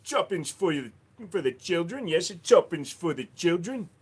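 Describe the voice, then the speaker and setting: A man's voice: very animated, moderate pace, husky. A man putting on an exaggerated mock Cockney voice as a cheerful male chimney sweep. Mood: jaunty. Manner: high-pitched, exaggerated, sing-song.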